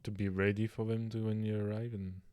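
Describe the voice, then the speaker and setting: A man with a very deep voice chatting casually as a podcast co-host. He keeps his replies short and laid-back and drops in joking asides. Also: level tone, a little fast, a little mellow. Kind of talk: casual conversation.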